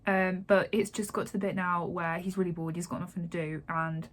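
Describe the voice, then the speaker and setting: A woman's voice: on the low side, flat delivery, a little fast. Chatty woman vlogger. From Yorkshire, England. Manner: chatty, heavy use of "like", openly emotional about the book. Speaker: book vlogger and author. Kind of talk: casual reading update.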